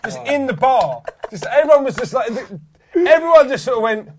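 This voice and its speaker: A man's voice: extremely high pitch, a little fast, a little hiss or hum. A man, co-hosting a casual chat and telling stories with lots of laughter. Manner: animated, laughing storyteller. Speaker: podcast co-host.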